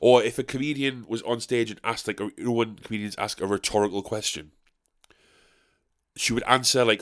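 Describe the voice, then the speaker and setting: A man from South Shields with a North East English accent, a stand-up comedian talking in a casual monologue, ranting and swearing with sharp, high-pitched outbursts of disbelief. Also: fairly even intonation, fairly quick. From South Shields, England.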